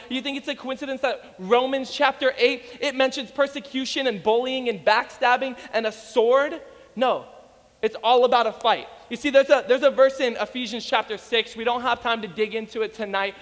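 A man preaching an energetic sermon to a congregation, telling stories and acting out the voices of the people in them. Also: very high voice, big-room sound. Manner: animated storytelling, acts out voices. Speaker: pastor.

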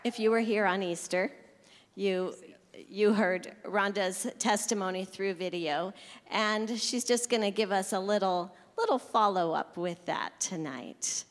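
A woman hosting a church gathering, briskly introducing the next speaker. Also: mid-range voice. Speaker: church event host. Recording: long reverb of a large hall.

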